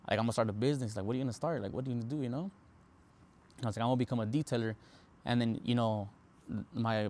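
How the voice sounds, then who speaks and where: A man's voice: mid-range voice, a little mellow. Young male podcast host, casual storyteller, easygoing and chatty, mid-range voice. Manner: laid-back, lots of fillers, mixes in Spanish slang.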